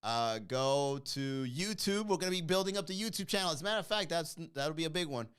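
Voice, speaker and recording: A man's voice: high voice, clean tone. A man hosting a comedy podcast livestream, teasing and laughing as he reads out chat comments. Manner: animated, teasing, quick to laugh.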